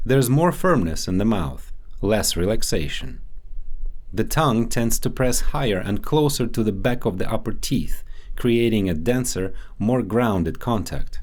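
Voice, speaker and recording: A man speaking as a dialect coach, giving a measured, explanatory scripted instructional voice-over. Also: lowish voice.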